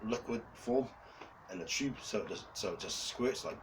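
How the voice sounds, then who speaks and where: A man's voice: medium pitch, animated, a little slow, pauses often. A man in his forties who rambles and swears heavily in a casual rant as a YouTuber, often breaking into laughs. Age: 40s. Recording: distant mic with faint background noise.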